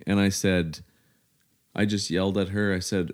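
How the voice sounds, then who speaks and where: Male guest, low-pitched, vivid storyteller who voices the quotes loudly. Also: little pitch movement, normal speed, pauses often. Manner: acts out shouted quotes. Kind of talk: animated storytelling.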